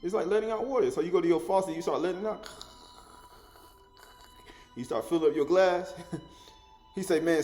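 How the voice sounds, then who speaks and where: A man with a slightly high, mellow voice teaches an informal spoken Bible study. He chuckles often, repeats words, and keeps asking the listener "right?" as he goes.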